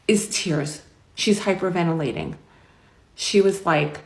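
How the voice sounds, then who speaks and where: A woman's voice: fairly low pitch, a little slow, a bit bright. A middle-aged woman with a New York accent tells a long personal story to the camera in a chatty, rambling, emphatic way. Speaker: vlogger. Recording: roomy echo.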